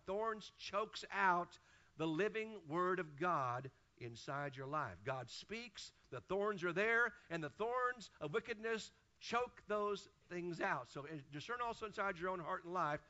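Pastor type, a man preaching from the pulpit: fairly high, bright and forceful voice, repeats phrases for emphasis, dull lo-fi sermon tape. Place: church pulpit.

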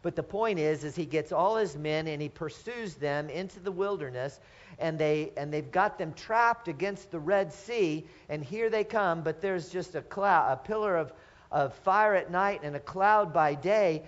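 A middle-aged pastor preaches earnestly to his congregation at a measured pace, his voice fairly high. He often poses rhetorical questions and restarts phrases, captured in a dull lo-fi sermon recording.

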